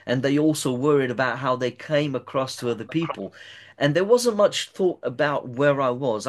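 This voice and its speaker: While interviewing a guest, a man with a medium-pitched voice recounts a personal experience at length. He often hesitates and repeats words as he speaks.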